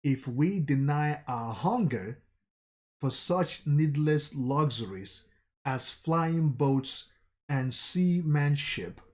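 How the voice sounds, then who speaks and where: Menacing young soldier, slow deliberate lines, read by a man. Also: mid-range voice, darkish tone. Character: cold, threatening young male soldier.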